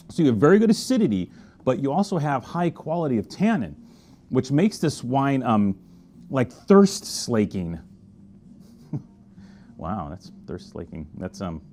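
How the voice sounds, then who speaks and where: A man's voice: medium pitch, dark tone. Chatty enthusiastic man reviewing wine. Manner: enthusiastic, chatty, with tasting murmurs. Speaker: wine merchant host. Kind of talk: casual wine tasting review.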